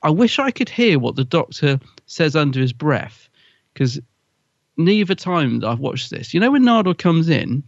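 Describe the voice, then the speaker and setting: A man's voice: fairly high pitch, big pitch swings, moderate pace, no echo, muffled recording. A man co-hosting a podcast, chatting casually and rambling with lots of fillers. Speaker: podcast co-host. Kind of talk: casual chat.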